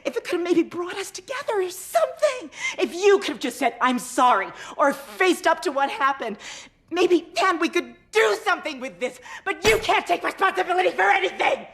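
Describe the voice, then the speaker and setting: A woman's voice: extremely high pitch, sing-song, normal speed, fairly bright tone, heavily acted. An actress playing a grief-stricken, volatile middle-aged mother in a film scene, sobbing, wailing and screaming. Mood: bitter. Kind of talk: film drama acting.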